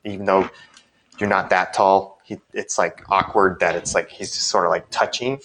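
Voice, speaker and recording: A man's voice: low voice, fairly even intonation, normal speed, fairly bright tone, slight background noise. A man narrating as game master, loose and full of fillers.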